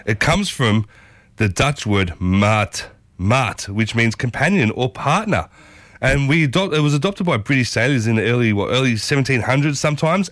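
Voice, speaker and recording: A man's voice: mid-range voice, fairly bright tone, no room sound. A man with an Australian accent, hosting a casual community radio show in a rambling, folksy way.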